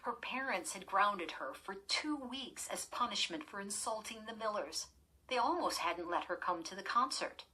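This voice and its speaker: Sex: woman. Role: audiobook narrator. Style: scripted horror story narration. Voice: bright, husky. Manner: measured. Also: lowish voice, poor audio.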